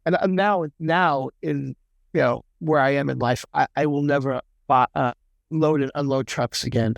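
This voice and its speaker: A middle-aged man, a chef guest on an interview show, telling stories in a lively way, swearing freely and acting out what other people said. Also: mid-range voice, moderate pace, vocal fry, dry recording, muffled recording. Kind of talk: casual storytelling interview.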